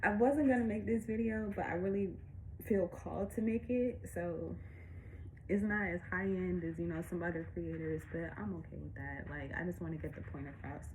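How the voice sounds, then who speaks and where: A woman's voice: on the low side, normal speed, darkish tone, slight background noise, rough recording. A woman illustrator walking through her picture book in a casual, chatty way, out of breath and laughing often.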